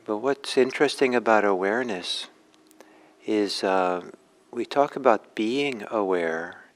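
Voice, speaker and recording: A man guides a morning meditation in a calm, measured voice. His pitch sits low, and he talks very slowly, letting long pauses settle between short phrases as he explains the practice. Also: poor audio. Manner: slow, gentle, with long pauses. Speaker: meditation teacher.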